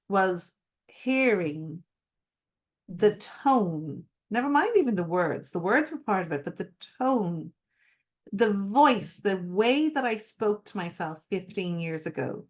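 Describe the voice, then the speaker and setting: A middle-aged woman with a mid-range voice works as a mindset coach, leading a live-streamed masterclass. She speaks expressively and with emphasis, putting direct questions to her viewers.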